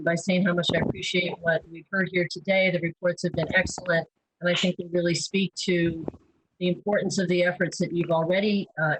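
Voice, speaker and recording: A woman, a public health dean, making measured formal remarks to a county meeting. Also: lowish voice, no echo, poor audio.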